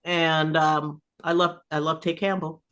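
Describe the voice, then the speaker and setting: In a relaxed podcast interview, this middle-aged improv festival curator recounts stories with lots of energy, laughter and free swearing. Her voice is deep and she takes her time.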